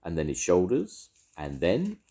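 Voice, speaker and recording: An older man reading a children's story aloud in an expressive, lilting way. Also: deep voice, unhurried.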